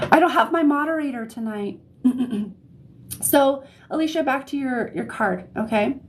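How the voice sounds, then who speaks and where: A woman giving a live-streamed tarot reading, talking in a chatty, easygoing way, often checking in with "okay?" and laughing softly between phrases. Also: sits high, expressive, slow, long pauses, a little hiss or hum. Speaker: psychic reader. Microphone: phone or desk mic on livestream.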